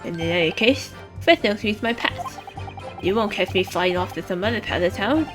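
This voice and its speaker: A woman's voice: medium pitch, animated, normal speed, lightly acted. A woman voicing a brash, defensive male street peddler from London. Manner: blustering, defensive. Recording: game music playing behind.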